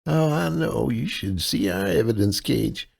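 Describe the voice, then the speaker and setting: A man's voice: lowish voice, lively intonation, measured pace, vocal fry, darkish tone, husky, pitched above the performer's own voice, exaggerated voice. A man voicing a female covert operative who poses as a chirpy clerk with a Midwestern accent, playing a breezy, flirty damsel in distress. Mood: bright, coaxing.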